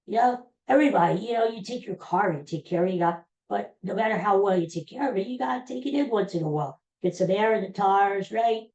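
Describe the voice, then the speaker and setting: Older man, podcast host, folksy rambling monologue, mellow voice, echoey room. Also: high voice, fast, few pauses. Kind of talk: casual solo podcast monologue.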